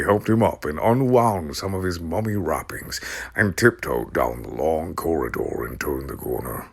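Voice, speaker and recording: A man narrating an audiobook with a slow, deliberate, dramatic reading. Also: very deep voice, expressive, creaky, breathy edge.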